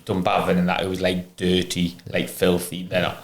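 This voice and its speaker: A man's voice: low-pitched, monotone, moderate pace, creaky, background noise. A middle-aged man from Britain, a former footballer, trading laughing banter in casual podcast chat. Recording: roomy echo.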